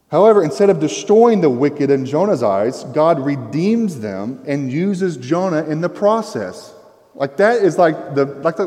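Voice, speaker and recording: A man's voice: a little high, warm tone. A man preaching a sermon in a casual, conversational way, full of fillers like "like" and "I mean.". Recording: long reverb of a hall.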